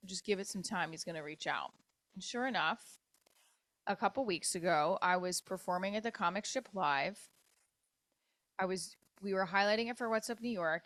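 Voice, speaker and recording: A middle-aged woman comedian hosting her podcast, telling a dating story in a candid, profane, animated way and acting out other people's lines. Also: medium pitch, no echo. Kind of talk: casual storytelling monologue. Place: New York.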